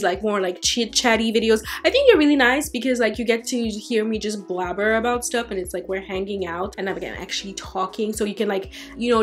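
Beauty vlogger, woman with a touch of French accent, bright higher voice, excitable casual chat, faint music underneath. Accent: French-tinged. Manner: chatty, excitable, talks herself out of buying.

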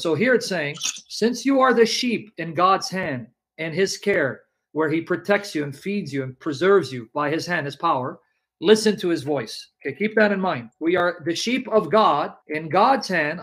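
Insistent high-voiced man debating. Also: lively intonation, moderate pace, a bit bright, poor audio. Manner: insistent, reads scripture aloud with emphasis. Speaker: Christian debater. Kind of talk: live religious debate.

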